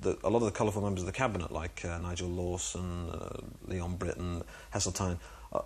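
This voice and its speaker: A man's voice: low voice, fairly even intonation, a little fast, slight background noise. A young man being interviewed on a TV chat show, hesitant and self-deprecating, with many stumbles and restarts. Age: young adult. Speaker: guest impressionist. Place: TV studio.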